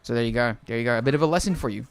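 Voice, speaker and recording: A man's voice: medium pitch, rapid-fire, clean tone, no room sound, soft background music. A young man from the Philippines with an Australian accent tinged by Filipino speech, chatting casually on a livestream and rambling through chat questions. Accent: Australian with a Filipino lilt.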